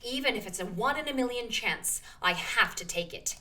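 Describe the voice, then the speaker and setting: A woman voicing an earnest young male lawyer who doubts himself, reading game text aloud in a measured, plain voice. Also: fairly high pitch, animated, bright, forceful tone, recorded from a distance, a little hiss or hum. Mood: earnest, worried.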